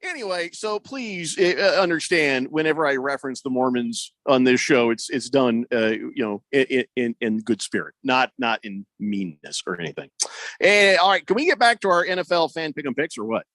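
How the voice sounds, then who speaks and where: A man's voice: mid-range voice, animated, normal speed, fairly bright tone, no room sound. A man hosting a sports talk radio show, rambling and joking with many fillers on a studio microphone.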